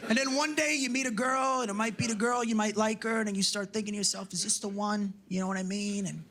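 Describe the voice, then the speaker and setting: A male stand-up comedian with a high voice works a club stage, brash, profane and mocking, shouting for his punchlines. The live room noise of the crowd is clearly audible under his handheld mic. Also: steady tone, fast talker.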